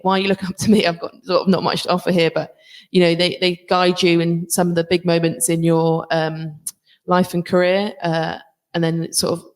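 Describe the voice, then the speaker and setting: A woman rugby player and coach answering panel questions in a chatty way, with many fillers and restarts. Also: fairly low pitch.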